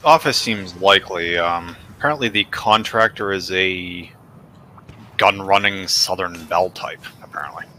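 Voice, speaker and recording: A man's voice: low voice, moderate pace, bright, forceful tone, slight background noise. A man chatting casually as a co-op gaming partner, making dry, sarcastic remarks. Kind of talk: casual gameplay chat.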